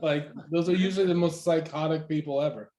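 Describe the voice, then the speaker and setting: A man's voice: fairly high pitch, steady tone, a little fast, mellow. A man co-hosting a podcast in casual chat, laid-back and agreeable. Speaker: podcast co-host.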